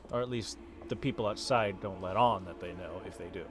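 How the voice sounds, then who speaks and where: A man running a homebrew tabletop game as game master, narrating in a relaxed, chatty way with frequent fillers. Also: deep voice, a little fast, background noise. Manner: relaxed, chatty, laughs often, hesitant fillers.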